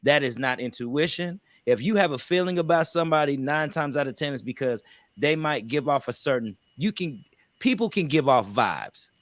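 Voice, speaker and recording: A man's voice: on the high side, expressive, normal speed, a bit bright, dry recording. Emphatic man preaching his view. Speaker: podcast co-host. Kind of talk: casual panel discussion.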